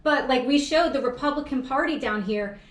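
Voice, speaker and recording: A woman co-hosting a podcast, calmly offering practical ideas in casual political chat. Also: high voice, moderate pace. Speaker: podcast co-host. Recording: echoey, distant from the mic.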